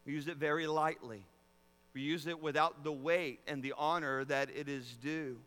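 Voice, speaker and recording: High bright-voiced preacher in a big hall. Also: male voice, fairly even intonation, moderate pace, smooth. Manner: earnest preaching, repeats words, rises to loud emphatic peaks. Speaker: pastor. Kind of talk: sermon. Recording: long reverb of a large hall.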